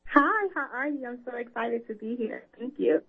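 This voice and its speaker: A woman guest speaks earnestly and from the heart, in loose conversational phrases. Her voice is husky and slightly raspy. She comes through a thin, tinny phone line. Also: on the high side, animated, moderate pace. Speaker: author and victim advocate. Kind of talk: guest interview.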